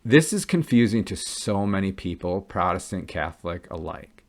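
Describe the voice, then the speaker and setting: A man's voice: low voice, very animated, normal speed. A man giving an earnest, casual explanation to viewers, often checking in with "okay?" and "right?" as he goes. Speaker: Catholic convert vlogger.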